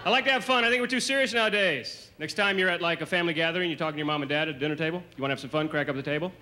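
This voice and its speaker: A man from the American South doing a stand-up comedy routine on a TV stage, with a brisk, punchy delivery. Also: a little high, pushed and bright. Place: comedy stage before a live audience. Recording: noisy 1980s TV stage recording.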